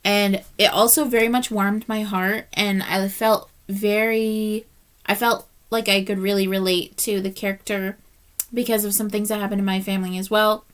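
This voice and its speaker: A woman's voice: mid-range voice, flat delivery, moderate pace. A woman reviewing books in a casual vlog, chatty and heartfelt, tired and yawning as she rambles. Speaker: book reviewer.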